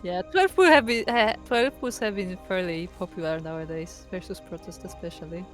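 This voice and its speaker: A woman's voice: lowish voice, moderate pace, faint music behind. Female esports caster, casual tone. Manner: casual, uses "like" often. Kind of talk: live game commentary.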